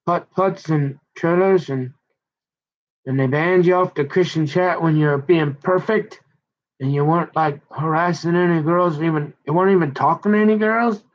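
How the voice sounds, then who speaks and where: A man rambling through a monologue, talking to himself in second person with lots of filler. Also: fairly high pitch. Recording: dull lo-fi recording.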